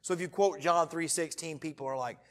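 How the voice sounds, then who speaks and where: A man in his thirties preaching a sermon to a church group, telling jokey stories and breaking into sudden loud bursts. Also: on the high side, brisk. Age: 30s. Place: church meeting room.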